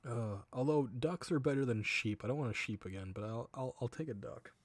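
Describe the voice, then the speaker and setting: A man's voice: mid-range voice, fairly quick, dry recording. A man in his thirties chatting on his livestream as its host, laughing often while he tells crude funny stories. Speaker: streamer. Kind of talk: casual livestream chat.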